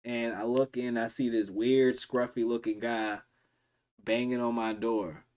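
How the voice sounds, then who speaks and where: A man's voice: mid-range voice, little pitch movement, a little slow, darkish tone. A man streaming, telling a long personal story in a casual, rambling way with slang and frequent restarts.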